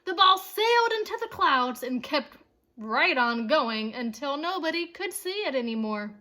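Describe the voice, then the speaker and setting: A woman reading a children's chapter book aloud, with expressive, playful storytelling and asides to her listeners. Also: sits high, measured pace.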